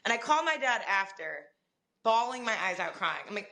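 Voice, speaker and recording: Bright-voiced young woman telling stories. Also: mid-range voice, a little fast. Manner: animated storyteller, laughs often. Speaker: guest, sports reporter. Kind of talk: casual podcast conversation.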